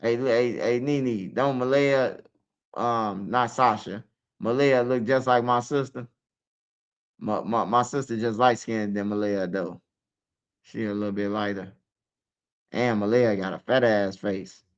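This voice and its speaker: A man's voice: fairly low pitch, measured pace, clean tone, lo-fi sound. A man with a Chicago accent telling his story in casual, profane street slang, full of "man" and "bro".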